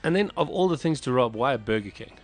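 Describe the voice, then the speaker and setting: A man's voice: mid-range voice, lively intonation, fast talker, faint music behind. Dry, wry hungover radio co-host man. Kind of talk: casual banter.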